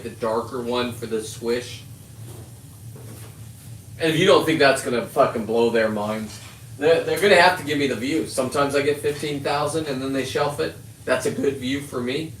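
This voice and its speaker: A man's voice: medium pitch, normal speed, fairly bright tone, a little hiss or hum. A middle-aged man rambling through a profane, boastful story as host of his own videos. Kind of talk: rambling casual monologue. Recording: echoey and distant with faint ambience.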